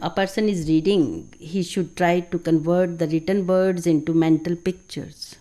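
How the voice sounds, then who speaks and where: A woman in her fifties with an Indian English accent, giving measured, teacherly answers in a radio interview. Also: lowish voice, steady tone, mellow.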